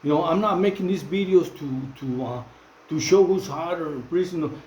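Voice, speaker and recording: Middle-aged Mexican man, fairly high voice, halting slang-heavy phone monologue. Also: darkish tone, roomy sound, muffled recording, slight background noise. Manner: repetitive, many fillers and restarts, street slang. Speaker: channel host. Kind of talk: casual monologue to camera.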